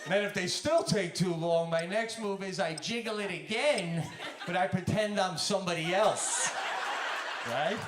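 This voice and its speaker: A man's voice: high-pitched, measured pace. A man doing a stand-up comedy routine, telling stories with animation and acting out the people he quotes. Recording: roomy sound under loud game noise.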